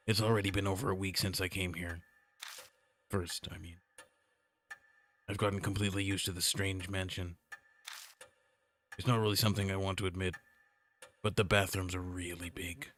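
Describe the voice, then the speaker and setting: Brief: male streamer, deep voice, playful read-through of a visual novel. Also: a bit bright, slight background noise. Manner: jokey, playful asides. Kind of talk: reading a horror visual novel aloud. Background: game music.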